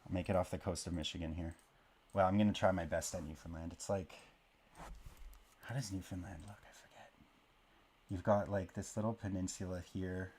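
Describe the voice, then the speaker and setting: Low-voiced man rambling while drawing. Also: fairly even intonation, normal speed, pauses often, a little mellow, slightly rough. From born in Canada, raised in Oklahoma. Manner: rambling, self-deprecating, jokey asides. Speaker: map-drawing video creator. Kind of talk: casual commentary while drawing.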